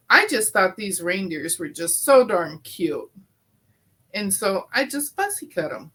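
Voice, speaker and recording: Slow-talking homey crafter woman. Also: a little high, very animated, bright, forceful tone. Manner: slow, homey, chatty with filler ums. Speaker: quilting channel host. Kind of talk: casual crafting tutorial.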